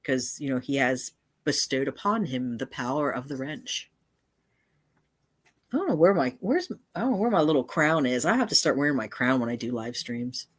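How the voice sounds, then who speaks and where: A woman's voice: rumbling low, big pitch swings, normal speed, breathy edge. A woman hosting a casual live stream, chatting in a meandering way and often breaking off to circle back mid-thought. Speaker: channel host.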